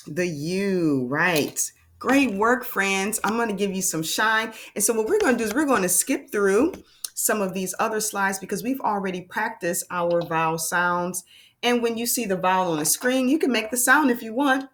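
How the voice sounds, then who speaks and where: A woman teaching young children a phonics lesson, sounding out words slowly and patiently and praising them as she goes. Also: medium pitch, fairly bright tone. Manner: slow, patient, sounding out letters; encouraging, addresses kids as friends and butterflies. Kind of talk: early-grade phonics lesson.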